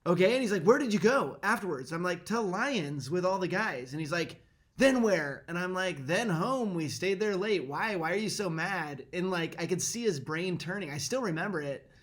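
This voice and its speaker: Adult man, high-pitched, easygoing conversational retelling. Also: expressive, moderate pace, fairly bright tone. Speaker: son prompting stories. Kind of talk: casual family conversation.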